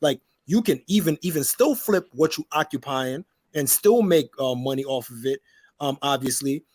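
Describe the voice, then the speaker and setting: This New Yorker chats casually on a podcast, full of slang and fillers such as "you dig what I'm saying," repeatedly checking that the listener is with him. His mid-range voice is expressive and a little mellow, at a moderate pace, captured studio-clean without echo.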